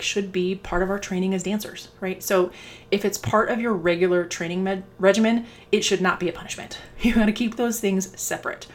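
A woman dance coach giving earnest, conversational advice to other coaches. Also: medium pitch. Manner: earnest, conversational, restarts and fillers. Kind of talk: instructional talk to coaches.

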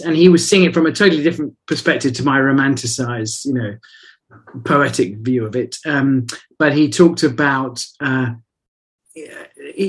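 A man in casual conversation, telling rambling, reflective stories. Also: on the high side. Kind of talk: casual chat.

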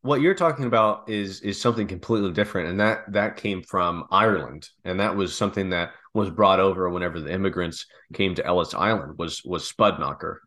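A man rambles through a casual comedic chat. He drifts into long, joking hypotheticals and keeps them rolling without pause. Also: low-pitched, fairly bright tone. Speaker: podcast co-host.

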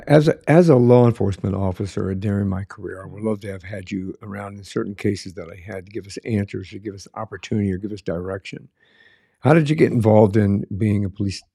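Gravelly husky-voiced male interviewer. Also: fairly low pitch, dark tone, no echo, studio quality. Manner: hesitant, repeats words while asking. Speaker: podcast host, former law enforcement officer. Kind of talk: interview questions.

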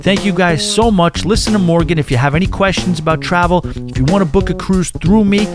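Man, podcast host, chatty, rambling, slightly high voice. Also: brisk, over music. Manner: rambling, chatty, answers listener questions. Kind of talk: casual podcast chat.

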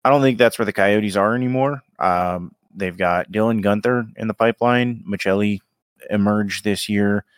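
A man co-hosting a casual hockey podcast, giving his opinions in a relaxed way. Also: on the low side, moderate pace, smooth, no room sound, studio quality. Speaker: podcast co-host. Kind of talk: casual sports podcast chat.

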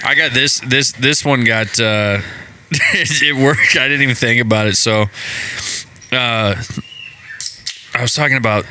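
A man with a very bright, sharp tone, chatting loosely on a podcast. He rambles through his stories and swears freely, with plenty of restarts. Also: medium pitch, unhurried, pauses often, clean tone, dry recording. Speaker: podcast co-host. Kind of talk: casual chat.

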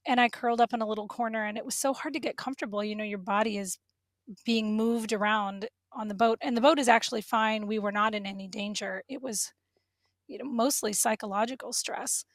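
Woman guest, fairly high voice, dry close mic, animated emotional storyteller. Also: brisk, dry recording. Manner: animated, emotional, laughs often. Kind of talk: personal storytelling.

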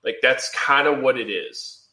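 A man co-hosting a podcast, talking in a loose, rambling way with a steady stream of fillers. His voice is bright, and the room rings with echo. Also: medium pitch, measured pace. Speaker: podcast co-host. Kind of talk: casual chat.

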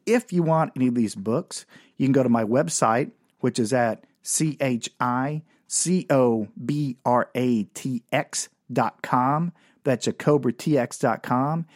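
Speaking a little slowly, a man tells a comic story as a monologue, rambling and poking fun at himself with lively swings in pitch. He's a comedian and storyteller, recorded at studio quality with no room sound.

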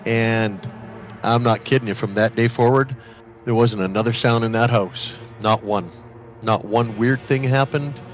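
A man co-hosting a podcast, casually telling a ghost story and acting out the voices of people in it. He often restarts and repeats words when he gets excited. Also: mid-range voice, a little slow. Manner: lively storytelling, acts out quoted voices. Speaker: podcast co-host.

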